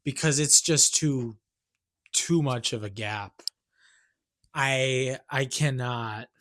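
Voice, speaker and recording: Speaking slowly in a mid-range, slightly bright voice, this YouTuber and songwriter rambles and rants to camera. He interrupts himself, starts over, and keeps capping his points with the question "right?"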